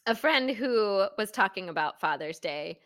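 A woman's voice: mid-range voice, moderate pace, dry recording, studio quality. An American woman in her thirties co-hosting a podcast, chatting casually and telling stories with frequent laughter. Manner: chatty, laughs often, animated storytelling. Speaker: podcast co-host. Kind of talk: casual chat.

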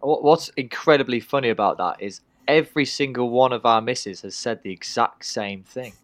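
A man's voice: mid-range voice, normal speed, no room sound. A young man hosting a casual podcast, cheeky and swearing, hyping up his guests. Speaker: podcast host. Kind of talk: casual banter.

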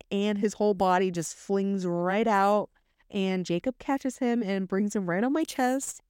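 Young woman host, chatty solo storyteller, candid, clear voice, dry close sound. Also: mid-range voice, darkish tone, no room sound. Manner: chatty, candid, many ums and likes. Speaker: podcast host.

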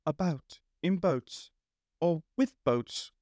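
A man's voice: moderate pace, no echo, clean studio sound, lightly acted. A man voicing a dreamy old water rat. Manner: solemn, musing, breaks into excited high bursts. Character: genial dreamy male water rat, boat-lover. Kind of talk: storybook character reading.

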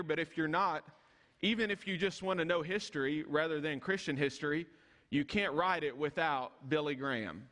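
A man preaching a sermon, reading scripture slowly and dropping low and soft when he prays. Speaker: pastor. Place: church sanctuary. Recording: long church hall reverb.

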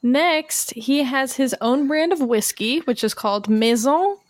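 A woman's voice: high voice, a little slow, dry recording. A woman co-hosting a casual music podcast from a remote call, upbeat and supportive, reading out fun facts. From Canada. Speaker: podcast co-host. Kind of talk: casual chat. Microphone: remote call mic.

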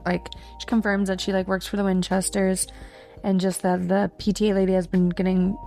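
A woman's voice: mid-range voice, gravelly, a little mellow. A woman co-hosting a book podcast, recapping a thriller plot in a chatty way with lots of fillers. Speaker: podcast co-host. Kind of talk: casual book discussion.

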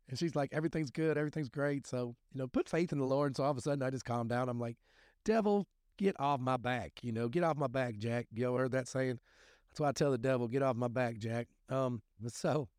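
A man's voice: medium pitch, darkish tone, no echo, studio quality. A man giving a rambling, folksy talk on scripture and recovery, full of restarts and fillers. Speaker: recovery podcast host.

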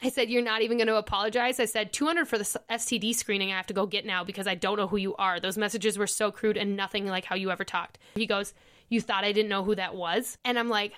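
A woman's voice: mid-range voice, steady tone, fast, fairly bright tone. A woman podcast host in casual chat, animatedly retelling a breakup and reading old text messages aloud.

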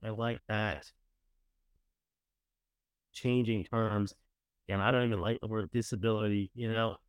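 A man's voice: fairly low pitch, steady tone, unhurried, clean tone, no room sound. A man hosting a morning talk show, giving blunt, profane opinions in a casual style. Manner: blunt, profane, swings from scornful to gushing.

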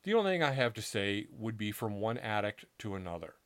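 A middle-aged man earnestly recounting a personal story in a casual, halting way, acting out what people said to him. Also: lowish voice, very animated, a bit bright, clean tone. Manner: earnest, halting, with restarts and acted-out quotes. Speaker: author telling his story.

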